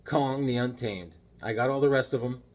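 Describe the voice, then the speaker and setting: A man's voice: medium pitch, moderate pace. A man chatting casually and enthusiastically about his comic finds, rambling and joking as he goes. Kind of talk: casual chat.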